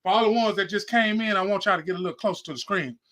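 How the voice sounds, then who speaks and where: A man's voice: high-pitched, very fast, a bit bright. A man hosting a podcast, preaching casually straight to his viewers, rambling and repeating himself, on a phone held close. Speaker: podcast host.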